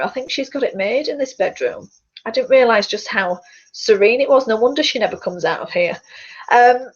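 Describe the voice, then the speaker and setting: A woman, a fitness coach, chatting casually to her webcam from a small quiet bedroom, rambling a little and stumbling over words. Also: a little high. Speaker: fitness coach and public speaker. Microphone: computer mic on a video call. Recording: dull lo-fi webcam audio.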